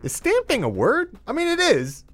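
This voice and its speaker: A man's voice: very high voice, huge pitch swings, normal speed, a bit bright, soft background music. Playful, meandering radio host man. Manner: playful, meandering, talks to his dog. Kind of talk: rambling late-night radio chat. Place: radio studio. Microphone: studio mic set too far off, with echo effect.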